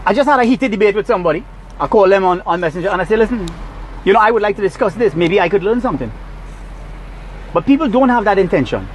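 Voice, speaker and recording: A man's voice: high-pitched, animated, fast, slight background noise, low-quality recording. Agitated Trinidadian man ranting. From Trinidad and Tobago. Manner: agitated, preachy, scolding. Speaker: vlogger. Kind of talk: heated rant to camera. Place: parked car, outdoors.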